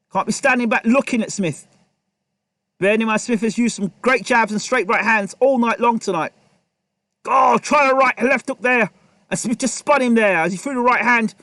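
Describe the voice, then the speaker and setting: High-voiced excitable boxing commentator. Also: male voice, moderate pace, pauses often, dry recording. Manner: excitable, repetitive, talks to the fighters. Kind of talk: live play-by-play commentary.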